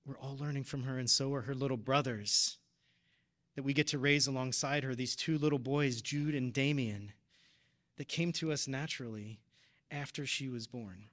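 A man's voice: medium pitch, moderate pace, fairly bright tone. A man in his thirties preaching, telling a personal story in an earnest, emotional way. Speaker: deacon or preacher at a parish. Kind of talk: personal testimony in a sermon.

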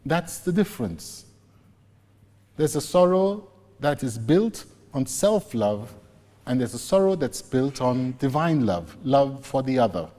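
A man preaching a sermon, slowly and deliberately retelling scripture scenes. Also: mid-range voice, very animated, warm tone. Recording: long reverb, echoey hall.

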